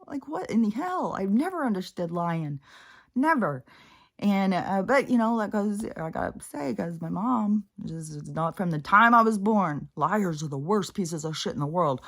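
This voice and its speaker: A woman's voice: medium pitch, expressive, unhurried, fairly bright tone. A middle-aged woman in a casual personal monologue, blunt and profane, rambling through a story. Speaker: spiritual vlogger.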